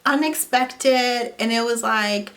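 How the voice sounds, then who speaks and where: A young woman telling a personal story to camera in a casual vlog, talking in an animated way with lots of "like" and "you know". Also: on the high side, slow pace. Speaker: vlogger.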